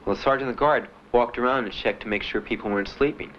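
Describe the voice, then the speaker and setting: A young man giving halting, plain spoken testimony as a war veteran, with many pauses and fillers. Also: medium pitch. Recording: muffled 1970s archive recording with faint hiss.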